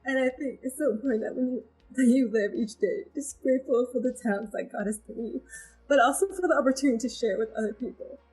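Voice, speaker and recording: A woman's voice: fairly high pitch, fast, a little mellow, husky, soft background music, low-quality recording. A woman guest, a photographer, talking in an earnest, heartfelt way in a casual interview, rambling a little with fillers. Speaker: guest, photographer and agency founder.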